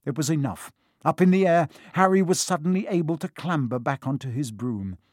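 A man narrating a children's storybook in a steady, expressive reading. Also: a little high, fairly quick, no room sound, studio quality. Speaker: audiobook reader.

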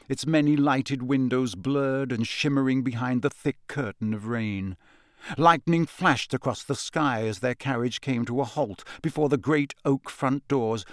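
A man's voice: medium pitch, no room sound. Man narrating an audiobook, dry close sound. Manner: measured, expressive storytelling. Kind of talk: scripted narration.

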